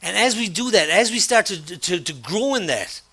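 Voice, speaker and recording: A man preaching a sermon, talking conversationally through a personal story, with frequent restarts and an animated retelling of dialogue. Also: high voice, moderate pace, slightly rough. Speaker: pastor.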